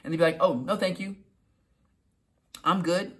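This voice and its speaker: A young man giving casual motivational advice to camera, talking loosely and acting out little quoted exchanges. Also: sits high. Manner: conversational, repeats himself, acts out quick quoted lines. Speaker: self-help video host.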